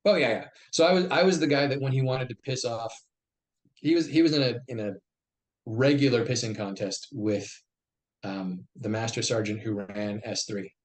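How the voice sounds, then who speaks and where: A man's voice: mid-range voice, moderate pace. Brief army veteran man telling stories. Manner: acts out quoted dialogue in lively bursts. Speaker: podcast guest, army veteran. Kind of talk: conversational storytelling.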